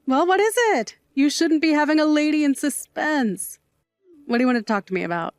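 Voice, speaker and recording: A woman playing a sassy high-voiced middle-aged aunt. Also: lively intonation, no echo, faint music behind. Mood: teasing. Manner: playful, mock-offended, quick to tears. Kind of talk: audio drama acting.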